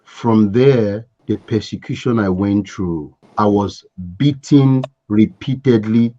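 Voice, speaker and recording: A man in his forties from Africa, a podcast guest telling his life story in a lively, acted-out way. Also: on the low side, takes it slowly. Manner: animated storyteller, laughs and acts out scenes. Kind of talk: casual storytelling interview. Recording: dull lo-fi sound.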